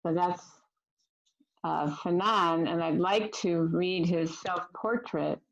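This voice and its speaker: A woman on a video call, chatting casually as a guest speaker and reading poetry slowly and deliberately. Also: lowish voice, gravelly, dull audio.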